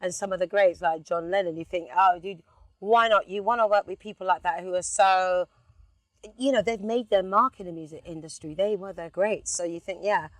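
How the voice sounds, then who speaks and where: A middle-aged woman with a London accent, chatting as an interview guest inside a car, telling lively stories and breaking into snatches of song. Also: lowish voice, fairly quick, dry recording. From England. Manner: animated storyteller, sings snippets. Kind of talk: relaxed casual chat.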